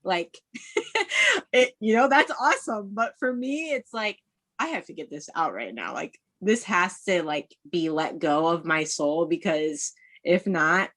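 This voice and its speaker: A woman's voice: fairly low pitch, big pitch swings, unhurried, a bit bright. A woman in her thirties, a podcast guest, talking candidly in casual chat and rambling with many fillers.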